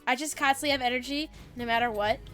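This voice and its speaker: A woman streamer chatting casually on a live stream, energetic, swearing freely and giggling. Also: high voice, quick pace, soft background music.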